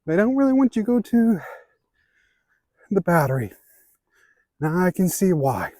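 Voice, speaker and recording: A hiking vlogger with a high, sing-song, mellow voice and an Ozark Southern American accent speaks at a measured pace. He keeps up easygoing chatter with his viewers while hiking an outdoor trail on a handheld camera, a bit out of breath from the climbs. There's no room sound in this casual walking vlog.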